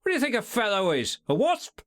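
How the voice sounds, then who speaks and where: A man's voice: high-pitched, huge pitch swings, pitched above the performer's own voice. Man putting on a sly, sneering henchman. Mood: scornful. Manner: slangy, sneering, drawn-out remarks. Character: sly, stealthy male secretary, cold menace.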